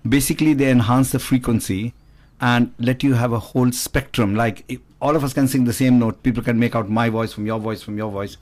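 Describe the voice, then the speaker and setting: A man's voice: mid-range voice, steady tone, fairly quick, a little mellow. A man in his sixties, a guest musician, chatting expansively on a radio talk show and telling digressive stories. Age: 60s. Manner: expansive, digressive storyteller who demonstrates with his voice. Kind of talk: conversational radio chat.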